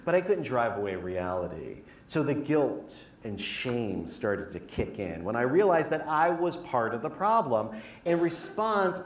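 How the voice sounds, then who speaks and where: A man's voice: medium pitch, a little hiss or hum. A man from the American Northeast delivers a comedic talk with theatrical flair. His voice sits in a middle register. The sound carries a roomy echo. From New York and Connecticut. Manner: theatrical, shifts into mock voices. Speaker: speaker, performance artist.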